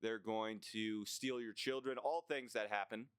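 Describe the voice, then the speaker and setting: A man's voice: lowish voice, steady tone, a little slow, a bit bright, smooth, no echo, clean studio sound. A young man, ranting bluntly through a casual list of complaints, swearing often and sometimes sarcastic. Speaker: vlogger.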